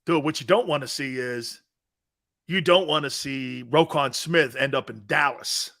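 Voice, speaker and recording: Brash guy hosting sports talk, bright forceful voice, takes his time, lots of laughing. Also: medium pitch, unhurried. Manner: brash, loud, laughs often, swears, answers chat comments. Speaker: sports talk show host. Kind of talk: casual sports radio chat.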